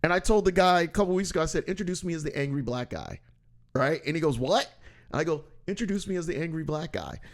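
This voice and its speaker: Casting: middle-aged male comedian host, relaxed chat, animated storyteller who acts out quotes loudly. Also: fairly high pitch, fast talker. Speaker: podcast host and stand-up comedian. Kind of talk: casual conversational chat.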